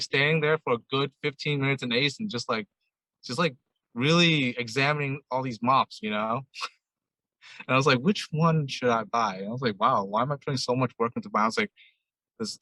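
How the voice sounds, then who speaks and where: A man with a bright, crisp voice tells a story from his shop as a podcast guest. He rambles and acts out old conversations, and the sound is dry and close. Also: medium pitch, dry recording, rough recording. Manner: rambling, retells dialogue with many "I'm like". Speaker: ramen shop owner, guest. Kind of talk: casual storytelling interview.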